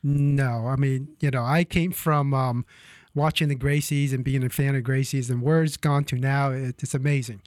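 A man's voice: mid-range voice, steady tone, moderate pace, darkish tone, no echo, clean studio sound. A man appearing as a podcast guest in casual chat, easygoing and upbeat, leaning on "you know". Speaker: guest, marketing business owner.

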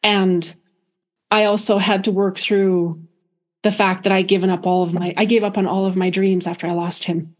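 A middle-aged woman appearing as a podcast guest tells a personal story at a moderate pace in a mid-range voice. She's animated and expressive, restarting often.

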